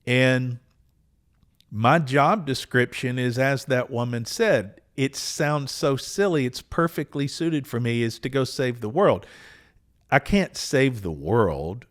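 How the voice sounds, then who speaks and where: Man, 60s, podcast host, unhurried earnest storyteller, mid-pitched voice. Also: expressive. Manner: earnest, unhurried, with small restarts. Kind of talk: reflective personal storytelling.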